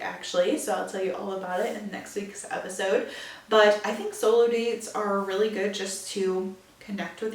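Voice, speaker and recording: A woman's voice: mid-range voice, far from the mic. Brief: young female podcast host, chatty filler-heavy delivery, a bit off-mic in a roomy space. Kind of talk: casual solo podcast chat. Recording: echoey room, a bit off-mic.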